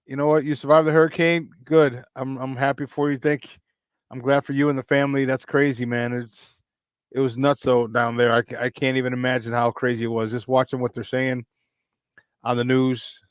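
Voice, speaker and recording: A man from hosting a casual morning sports talk show, rambling and excitable, breaking into laughs. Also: medium pitch, normal speed, clean tone, no echo, studio quality.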